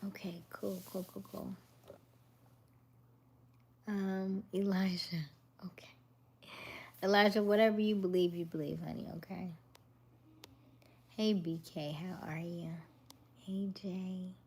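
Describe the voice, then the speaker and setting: A woman hosting a relaxed live chat, talking softly and often dropping to a near whisper as she greets viewers one by one. Her voice sits somewhat low and has a husky, breathy edge. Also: slow, pauses often. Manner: soft-spoken, often half-whispered, greeting viewers by name. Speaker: livestream host. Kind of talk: casual live chat reading viewer comments.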